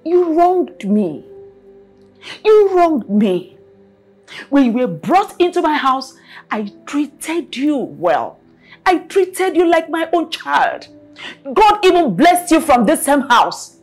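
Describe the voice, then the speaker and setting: A woman's voice: high voice, sing-song, slow pace, a little mellow, faint music behind, full character voice. A Nigerian woman acting a domineering wealthy mother who scolds in repeated bursts. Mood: angry. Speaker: mother of the house. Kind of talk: film drama acting.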